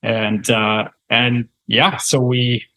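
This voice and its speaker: A Canadian man in his thirties tells a story as a podcast guest in a medium-pitched voice. He rambles with plenty of fillers and restarts and chuckles as he goes. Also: level tone, extremely slow, sharp tone, low-quality recording. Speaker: guest real estate investor. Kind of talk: casual storytelling in a podcast interview.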